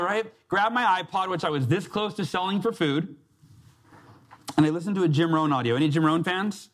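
A man's voice: high voice, a little fast. A man giving a motivational talk to a live audience, telling a personal story and acting out the quoted voices. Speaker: success coach and speaker.

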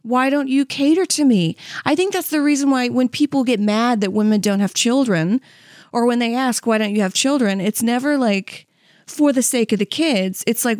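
A woman in her thirties riffs through a comedic podcast monologue, candid and self-mocking, peppering it with "like" and "you know what I mean." Her voice sits a little high for a woman. It is recorded dry and close, with no room sound. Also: moderate pace, a little mellow, dry recording. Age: 30s. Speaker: podcast host.

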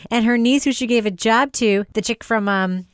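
Playful woman hosting a movie podcast, smooth clear voice, dry close sound. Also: on the high side, normal speed, dry recording. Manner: playful, joking asides. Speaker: podcast host. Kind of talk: casual film review chat.

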